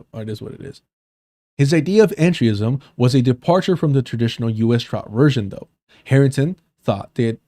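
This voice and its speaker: A man's voice: medium pitch, mellow, dry recording, clean studio sound. A man hosting a livestream, reading an article aloud and breaking off into profane, joking asides. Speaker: livestream host.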